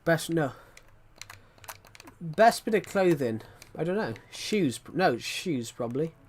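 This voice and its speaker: A man's voice: a little high, very animated, takes it slowly, slightly rough. A man chatting casually on a livestream, rambling and restarting his sentences as he talks to viewers.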